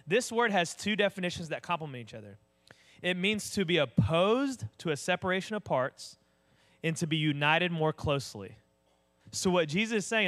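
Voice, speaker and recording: A man's voice: a little high, fairly bright tone. Conversational man preaching. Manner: conversational preaching, direct questions to the congregation. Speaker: pastor. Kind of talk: sermon.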